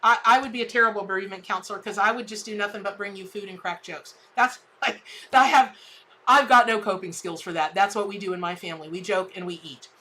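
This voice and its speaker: A middle-aged woman giving a live tarot reading, chatty and heartfelt, often restarting her sentences and jumping high when excited. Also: fast talker, low-quality recording. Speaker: tarot reader and medium.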